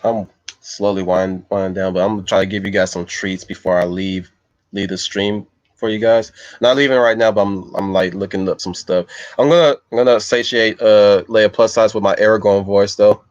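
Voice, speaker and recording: A low-voiced man rambles casually to his stream, tripping over and repeating his words. The sound is dull and lo-fi, with no room echo. His talk is loose and unscripted. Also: steady tone, moderate pace.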